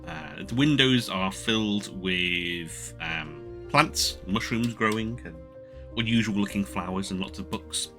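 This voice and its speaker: A man's voice: fairly low pitch, unhurried, over music. A man narrating a tabletop role-playing game as game master, casual and meandering, with many fillers.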